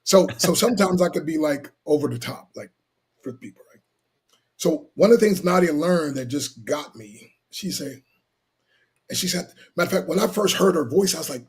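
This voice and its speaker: A middle-aged man telling animated stories about his marriage, laughing often and wandering off on tangents. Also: on the high side, fairly quick, breathy edge. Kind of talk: animated testimony.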